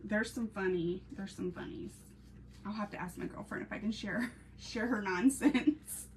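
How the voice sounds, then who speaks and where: A woman's voice: medium pitch, moderate pace. A woman from Ohio hosting a casual live crafting stream, chatty and laughing often as she talks to her viewers. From Ohio, USA. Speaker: crafting channel host. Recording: slightly distant mic with faint background noise.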